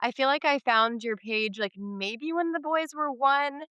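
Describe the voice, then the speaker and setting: A woman's voice: high-pitched, measured pace, pushed and bright, clean tone, dry recording, lo-fi sound. A woman hosting a parenting podcast, speaking in a thoughtful, conversational way. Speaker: podcast host, twin mom. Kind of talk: casual interview chat.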